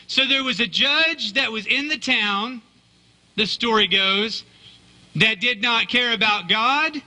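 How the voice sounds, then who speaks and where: A man's voice: very high-pitched, pushed and bright, rough recording. A male pastor preaching a sermon in a conversational, joking storytelling manner.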